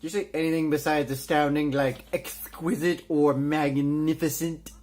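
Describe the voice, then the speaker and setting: A man's voice: on the high side, little pitch movement, normal speed, a little mellow, a little hiss or hum. Sarcastic man ranting as he reviews. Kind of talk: sarcastic comedic review commentary.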